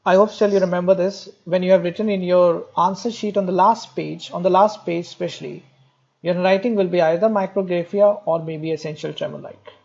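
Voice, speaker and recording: Guy teaching med students, repeats terms a lot, kinda high voice, muffled lo-fi audio. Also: fairly even intonation, a little fast, gravelly, a little mellow. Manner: explanatory, repeats key terms, frequent "okay"; addresses students directly, lightly joking. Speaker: medical lecturer. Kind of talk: recorded exam-prep lecture.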